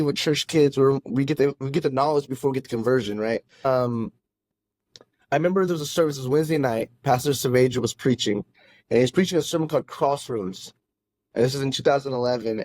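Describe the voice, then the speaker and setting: A man's voice: mid-range voice, a little mellow, no echo. Earnest man telling his story, dry sound. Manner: earnest, halting, many restarts. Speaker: pastor. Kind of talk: casual testimony in a conversation.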